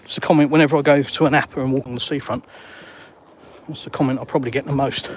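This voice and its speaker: This is a middle-aged man with an English accent, talking casually at a mid pitch as he strolls outdoors by the sea. His manner is blunt and sarcastic, reading out comments and snapping back at them. A faint outdoor ambience sits under the voice. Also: steady tone, fast, slight background noise. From England. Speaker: vlogger answering live chat. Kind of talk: casual walk-and-talk live stream. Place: outdoors on a seafront.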